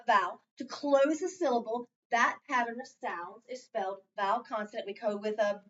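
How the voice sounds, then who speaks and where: A woman's voice: on the high side, moderate pace, fairly bright tone. Distant teacher woman, patient phonics prompts. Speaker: reading teacher. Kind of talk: one-on-one phonics tutoring. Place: school classroom. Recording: distant, dull lo-fi recording.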